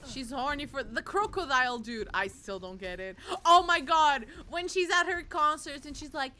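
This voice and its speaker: A young woman streaming a game, chatting casually and goofing around with squeaky sung bits and silly voices into a desk mic. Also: expressive, normal speed, bright, forceful tone. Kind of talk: casual livestream chat while gaming.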